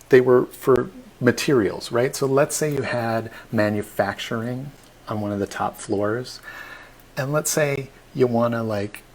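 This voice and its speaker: A man tour guide giving a live online virtual tour, telling history as a lively story with playful asides to his audience. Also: medium pitch. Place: at home, streamed online.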